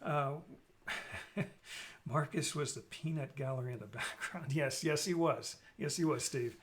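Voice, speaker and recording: A man's voice: medium pitch, unhurried, a little hiss or hum. A man hosting a casual live stream, rambling and joking while he reads out viewer comments.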